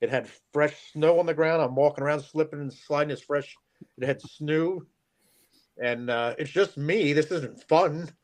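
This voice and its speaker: A man who is a regular on the show rambles through a long, self-deprecating story in casual chat, chuckling as he goes. His voice is a little high and moves at normal speed, with faint music in the background.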